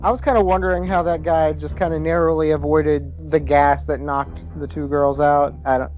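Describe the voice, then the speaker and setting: A man's voice: fairly high pitch, level tone, normal speed, a little mellow, lo-fi sound, soft background music. A man co-hosting a podcast, asking puzzled, hesitant questions in a casual movie chat. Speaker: podcast co-host.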